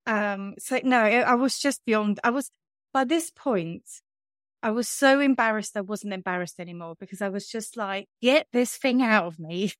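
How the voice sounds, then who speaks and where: A woman's voice: medium pitch, moderate pace, no room sound, clean studio sound. A woman, telling a personal story on a podcast in a candid, self-mocking way. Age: 30s. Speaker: podcast host. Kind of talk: casual chat.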